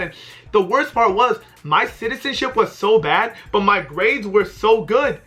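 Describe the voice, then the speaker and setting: Bright-voiced young man telling a story. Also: measured pace. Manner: animated storytelling with frequent swearing, rising in pitch when exasperated. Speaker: vlogger. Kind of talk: casual storytime vlog.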